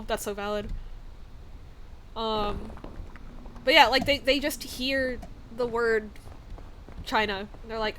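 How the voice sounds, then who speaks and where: Chatty young woman streamer, rather high. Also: steady tone, takes it slowly, pauses often, fairly bright tone, a little hiss or hum. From US South. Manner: rambling, filler-heavy, laughs often. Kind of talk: casual chat.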